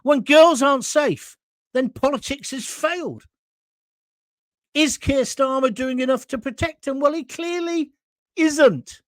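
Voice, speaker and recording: A man's voice: very high voice, unhurried, fairly bright tone, dry recording, studio quality. A man hosting his own live stream, delivering indignant, emotional commentary straight to his viewers.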